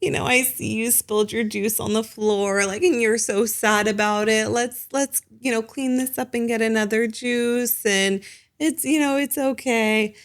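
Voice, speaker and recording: A woman voicing a gentle parent talking softly and soothingly to a small child, in a singsong, coaxing way. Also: a little high, fairly even intonation, a little slow, pitched above the performer's own voice.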